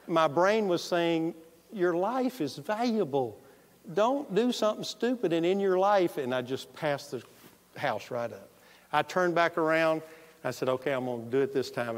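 Male pastor, fairly high voice, animated storytelling sermon, long hall reverb. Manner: storytelling, animated, quoting himself. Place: church sanctuary.

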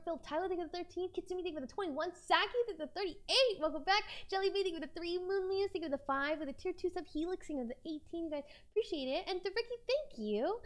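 A young woman streamer chatting casually from her room at home, bubbly and chatty as she thanks viewers by name. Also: very high-pitched. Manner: bubbly, chatty, reads viewer names aloud. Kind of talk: casual live-stream chat.

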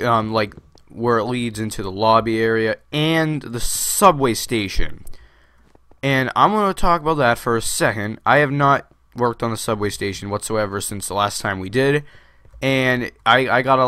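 A man's voice: mid-range voice, bright, forceful tone, dry recording. A man hosting a Minecraft video, giving casual gameplay commentary in a rambling way, full of fillers and restarts.

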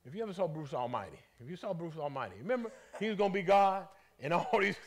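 A man leading a Bible study as bishop, preaching in an animated, folksy way and calling out to the congregation. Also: sits high, quick pace. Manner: animated, conversational, calls out to the congregation; colloquial, folksy phrasing.

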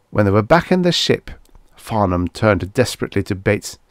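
A man's voice: on the low side, moderate pace, dry recording, studio quality. A man reading a vintage science fiction story aloud as an audiobook narrator. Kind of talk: scripted narration.

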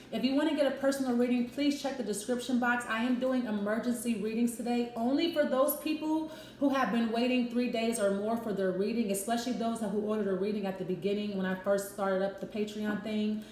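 A woman's voice: fairly high pitch, darkish tone. A woman giving a casual tarot love reading, chatty and repetitive, with frank, profane asides. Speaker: tarot reader. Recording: echoey room with faint noise.

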